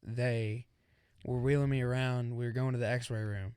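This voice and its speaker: The recording is dry and studio-clean. A young man co-hosting a podcast chats casually through a story at a moderate pace, his medium-pitched, clean-toned voice animatedly acting out the quotes of the people involved.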